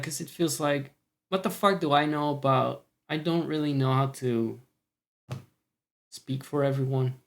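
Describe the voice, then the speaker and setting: A man's voice: mid-range voice, creaky. Scottish guy rambling on a stream, swears a lot, mutters to himself. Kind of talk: casual stream chat.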